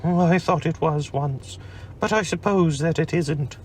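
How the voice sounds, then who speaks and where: A man voicing a simple, gentle male bear in a storybook, talking slowly and wistfully. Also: fairly high pitch, a little hiss or hum, pitched above the performer's own voice, lightly acted. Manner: slow, soft, wistful.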